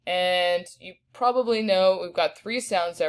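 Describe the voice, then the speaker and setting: A woman teaching a recorded spelling lesson, patiently sounding out each word slowly. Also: lowish voice, clear, resonant tone. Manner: patient, slow sounding-out of words.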